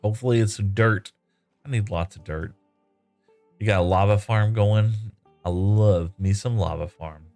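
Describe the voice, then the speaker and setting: A man with a fairly low voice streams a game live, rambling casually between tasks and reading out viewer comments. He is relaxed and laughs easily. Faint music plays softly behind him. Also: unhurried, dry recording. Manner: rambling and easygoing, laughs often.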